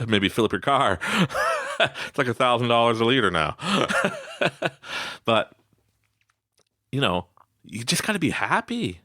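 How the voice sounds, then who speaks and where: A man hosting a podcast, giving a casual motivational talk in a small studio, laughing often and acting out quotes in animated voices. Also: medium pitch, slow, pauses often, no room sound. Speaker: podcast host.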